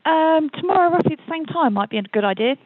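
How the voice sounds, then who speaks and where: High, lively woman on a call, rushed and apologetic, tinny phone sound. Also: dry recording. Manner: hurried, apologetic. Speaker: call recipient. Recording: tinny dry phone line.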